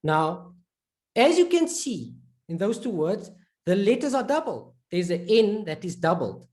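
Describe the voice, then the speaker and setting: A woman teaching an online lesson, patiently repeating points, checking in with learners and slowly drawing out example words. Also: medium pitch, very animated, darkish tone. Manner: slowly drawn-out word demonstrations. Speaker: Arabic reading teacher.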